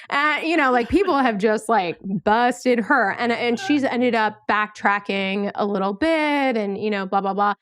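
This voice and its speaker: Host, woman, higher voice, chatty and filler-heavy, dry close sound. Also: unhurried, hardly any pauses, no room sound. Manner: chatty, filler-heavy with lots of "like", animated asides. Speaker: podcast host. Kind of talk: casual conversational interview.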